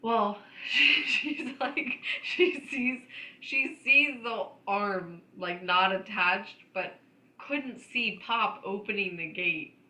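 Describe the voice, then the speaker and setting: A woman's voice: medium pitch, slow, echoey room, low-quality recording. A woman, co-hosting a podcast, telling funny family stories with lots of laughter. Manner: animated, laughs often while telling stories. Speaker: podcast co-host. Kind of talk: casual storytelling chat.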